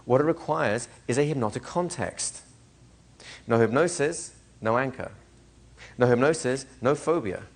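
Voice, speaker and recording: A hypnosis trainer teaches a live class in an animated way, posing questions to the room and acting out little scenes. His voice is medium in pitch and his pace a little slow.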